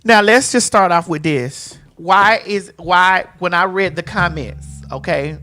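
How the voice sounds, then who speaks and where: A talk show host speaking in an animated, emphatic way, repeating phrases and swearing. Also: female voice, lowish voice, measured pace. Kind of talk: casual chat, heated commentary.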